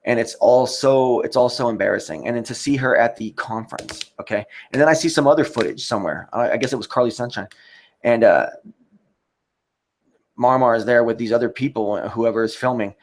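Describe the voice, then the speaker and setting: A man's voice: medium pitch, brisk. A man hosting a livestream, giving rambling, profane commentary and reading out chat comments. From United States. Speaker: livestream host.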